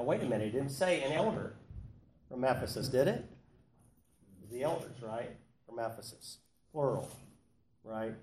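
A man's voice: fairly high pitch, dark tone. Man leading a Bible study in an echoey room. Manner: conversational, asks the group questions. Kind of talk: interactive Bible study teaching. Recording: echoey room with faint noise.

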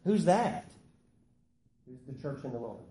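A man's voice: mid-range voice, moderate pace. A man leading a group Bible study, asking questions and calling on people to read. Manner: animated, calls on people, asks the group questions. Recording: echoey room with some background noise.

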